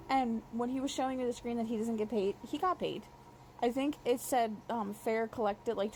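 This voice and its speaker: A woman's voice: a little high, vocal fry, a little mellow, slight background noise, rough recording. A young woman telling a rideshare story in a casual, exasperated rant, full of swearing and run-on sentences.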